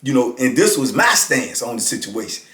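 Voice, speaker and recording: A man's voice: medium pitch, sing-song, moderate pace, a bit bright. A man in his fifties casually telling a story about prison life, talking conversationally and often checking in with "you know what I'm saying". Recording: roomy echo.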